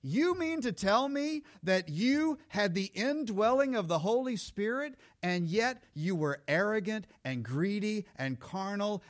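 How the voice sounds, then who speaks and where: A male pastor preaching with a high voice that swings widely up and down. He plays out the voices of the people in his story as he goes. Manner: animated, acts out voices of people he quotes. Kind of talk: sermon.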